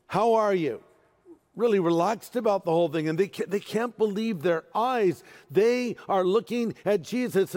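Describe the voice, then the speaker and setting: A man preaching a sermon as pastor, animated and playful with humorous asides. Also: high voice. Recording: long reverb of a large hall.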